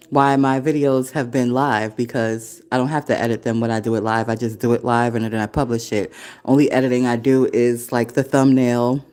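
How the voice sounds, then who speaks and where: A woman's voice: a bass voice, darkish tone. Rambling, cussing woman in her forties. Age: 40s. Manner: rambling, heavy cursing, frequent laughter. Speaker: podcast host and café founder. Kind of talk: casual solo podcast monologue. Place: at home at her desktop. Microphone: desktop computer recording.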